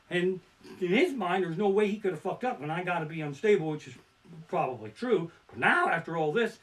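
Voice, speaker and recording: A stand-up comic in his living room rants about everyday annoyances with a lot of swearing. His voice sits high and leaps around, from low mutters to loud bursts. The home setup is bare-bones. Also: expressive, brisk. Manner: ranting, swearing, swinging between mutters and outbursts. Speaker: stand-up comedian. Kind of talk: profane stand-up storytelling. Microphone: barebones home setup.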